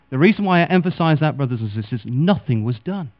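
A man preaching a sermon dramatically, acting out the people he quotes with big leaps in pitch and loudness. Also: expressive, fast. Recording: dull lo-fi recording with mains hum.

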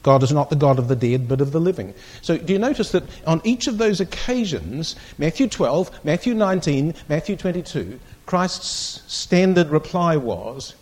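A man leads an interactive Bible study, reading passages aloud and stressing single words to make his point. His voice sits a little high and carries a husky grain. His delivery is animated, and he keeps pressing the class for answers. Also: normal speed, hardly any pauses. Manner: reads scripture aloud with strong emphasis, quizzes the group.

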